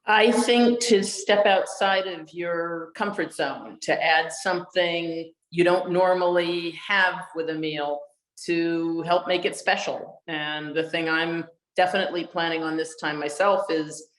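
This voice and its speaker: A woman who owns a winery, speaking in a measured, friendly way over a video call. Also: on the low side, fairly even intonation. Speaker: winery owner. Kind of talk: casual guest talk. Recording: roomy echo on a video call.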